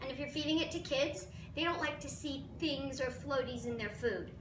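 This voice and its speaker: Chatty self-deprecating woman cooking at home, high voice, noisy echoey kitchen. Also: moderate pace. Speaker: cooking show host. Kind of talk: casual cooking demo. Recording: roomy, distant, noisy kitchen recording.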